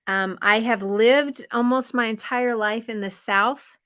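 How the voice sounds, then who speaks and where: American woman, neutral accent, english teacher, unhurried clear delivery, friendly, laughs often, video call. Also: a little high, steady tone, fairly bright tone. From Memphis, Tennessee, US. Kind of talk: casual live-stream lesson chat.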